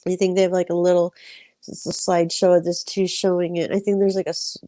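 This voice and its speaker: Mellow-voiced woman chatting casually. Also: on the low side, flat delivery, fast talker, no echo. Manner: chatty, lots of "like" and "you know". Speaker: co-host. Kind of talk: casual chat.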